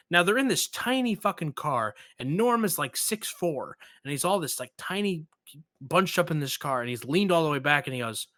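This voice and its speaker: A man hosting a casual podcast, with a bright, forward tone. He retells jokes with animated energy, acting out the lines. The sound is close and dry, with no room around it. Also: on the high side, fairly quick, no room sound. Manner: animated storyteller, acts out quotes. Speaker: podcast host.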